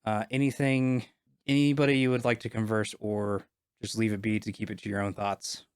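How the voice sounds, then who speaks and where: A man's voice: lowish voice, level tone, moderate pace, smooth, no room sound, clean studio sound. A man narrating as game master of a tabletop game, casual with many fillers.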